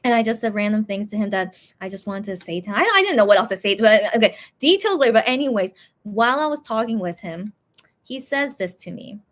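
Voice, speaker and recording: A woman's voice: mid-range voice, expressive, fast. A tired woman hosting a casual livestream, chatting in a rambling way and reading fan comments aloud. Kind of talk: casual chat.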